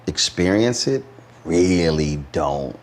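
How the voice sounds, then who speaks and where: Speaking slowly in a low-pitched voice, this male host keeps an interview conversational, spinning lively stories and performing the quotes of people he's met.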